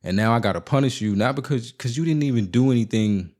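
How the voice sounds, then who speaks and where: A man hosting his own podcast, venting in a casual solo monologue and telling stories in a blunt, profane and animated way. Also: mid-range voice, fast. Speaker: podcast host.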